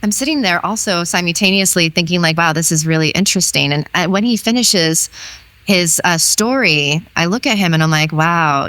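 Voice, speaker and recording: Bright, smooth-voiced woman telling a story. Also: lowish voice, normal speed, no echo. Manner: animated, acts out quoted dialogue. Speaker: intimacy educator guest. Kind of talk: storytelling interview talk.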